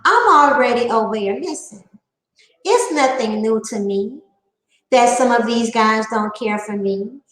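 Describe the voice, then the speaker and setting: A woman's voice: animated, reverberant, low-quality recording. A woman with a Southern twang, talking defiantly and emphatically to her viewers in a casual vlog. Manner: fast, high-pitched twangy talk, defiant and emphatic. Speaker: channel host.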